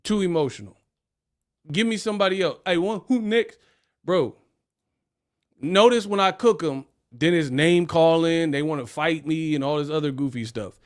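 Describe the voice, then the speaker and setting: A man's voice: a little high, lively intonation, normal speed. Man hosting a mocking, slangy livestream. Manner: mocking, laughing, slangy, dismissive. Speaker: livestream host. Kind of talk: casual livestream rant.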